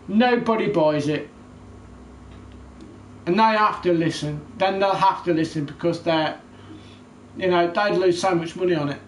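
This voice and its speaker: A man ranting angrily to camera about a video game, loud and heated with heavy swearing. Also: a little high. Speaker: gaming YouTuber. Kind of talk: angry gaming rant to camera. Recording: echoey room, faint background noise.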